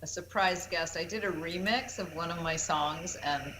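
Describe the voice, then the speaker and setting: A woman's voice: lowish voice, normal speed, crowd noise, poor audio. A woman, a musician guest, chatting casually in a radio interview, grateful and a little coy about her plans.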